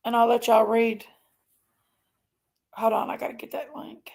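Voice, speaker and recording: A woman's voice: fairly high pitch, completely flat delivery, a little slow, creaky, a little mellow. A woman hosting a casual livestream, ranting indignantly and emphatically while reading chat aloud. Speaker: live stream host.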